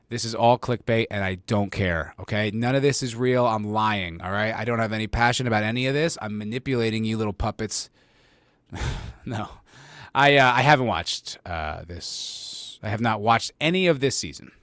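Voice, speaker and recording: A man's voice: on the low side, normal speed, fairly bright tone, clean tone, no echo. A man hosting his own podcast, talking casually and sarcastically, rambling and swearing, often laughing at his own jokes, on a close desk mic at home. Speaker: podcast host. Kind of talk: casual solo commentary.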